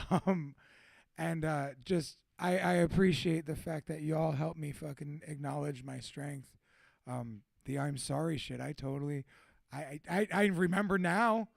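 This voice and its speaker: A man's voice: fairly high pitch, measured pace, gravelly, no room sound. A young man hosting a live community event at a tattoo shop, giving casual, rambling, profane closing remarks and laughing often. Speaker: event host and MC.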